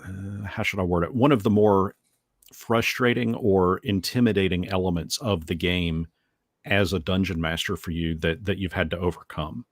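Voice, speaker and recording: A man's voice: low voice, steady tone, normal speed, no echo, studio quality. A middle-aged man hosting a casual chat, hesitant and often repeating words as he searches for them. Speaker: host.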